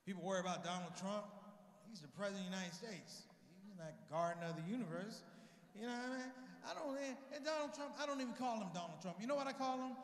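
A man's voice: high-pitched, expressive, quick pace. A man doing live stand-up comedy in a large convention hall, talking conversationally and punchily with the crowd through a stage microphone. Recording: echoey convention hall over PA.

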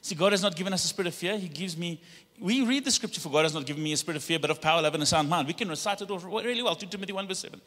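A man preaches to his congregation, his voice high and bright. He rouses them into call-and-response declarations. The sound carries a long reverb from the church hall. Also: rapid-fire, few pauses. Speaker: pastor. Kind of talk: sermon. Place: church sanctuary.

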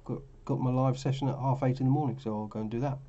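A man's voice: medium pitch, fairly even intonation, fast, mellow, lo-fi sound. A tired man talking casually through his trading charts, rambling and correcting himself as he goes. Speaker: forex trading vlogger. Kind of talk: casual screen-share commentary.

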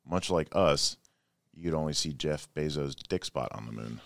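A man's voice: rumbling low, animated, moderate pace, vocal fry, no room sound. A man, a podcast guest, chatting casually and reading news aloud with offhand jokes in a studio.

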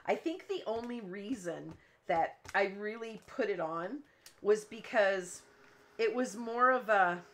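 At her work table in a home craft room, a cardmaking show host chats casually on a livestream while crafting. Her medium-pitched voice is fairly bright and slow, and she rambles through stories, laughing often.

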